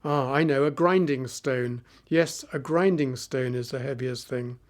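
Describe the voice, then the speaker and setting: A man reading the part of a foolish, slow-thinking servant in a storybook. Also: mid-range voice, lightly acted. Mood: musing. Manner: slow, musing. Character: foolish, boastful male servant.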